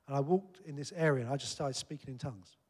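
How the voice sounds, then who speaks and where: A man's voice: medium pitch, fast, breathy edge. A man preaching a sermon in an earnest, conversational way that builds to emphatic peaks. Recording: long hall reverb.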